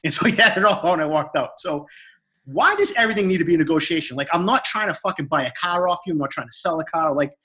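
A man's voice: fairly high pitch, fast, sharp tone. A man in his thirties telling a story on a casual call, ranting and swearing as he acts out both sides of the conversation. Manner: profane, fired-up ranting with acted-out dialogue.

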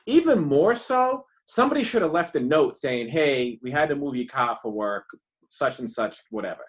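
A man joins the talk with an animated, lively voice that rises and falls widely. He stumbles into his points and then drives them home with emphasis. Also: fairly high pitch, normal speed. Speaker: co-host. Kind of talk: casual chat.

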